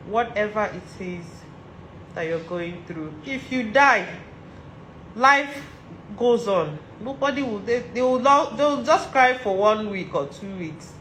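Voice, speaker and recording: A woman with a Nigerian accent talks straight to the camera, urging other women in an earnest, repetitive way. She speaks slowly and deliberately at a middling pitch. Her voice rings with the echo of the room around her. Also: expressive, background noise. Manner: earnest, repeats her exhortations for emphasis. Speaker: vlogger giving advice to women. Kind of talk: motivational monologue.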